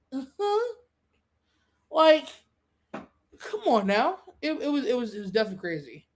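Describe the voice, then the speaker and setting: At normal speed, a woman runs a live-streamed podcast, chatting loosely with plenty of slang and profanity. Her talk swings up into high, lively rants.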